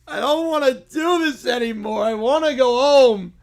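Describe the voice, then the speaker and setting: A man's voice: extremely high pitch, creaky, pitched above the performer's own voice. A man voicing a whiny, bratty, scared cartoon bear-child who complains nonstop. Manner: whining, complaining, drawn-out.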